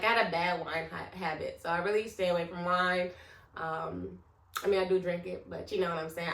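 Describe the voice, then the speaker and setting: A woman's voice: fairly low pitch, fairly bright tone. A woman in her late twenties, vlogging at home in a rambling, candid way and talking straight to her viewers. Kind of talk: casual vlog chat. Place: room at home. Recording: echoey room, mic at a distance.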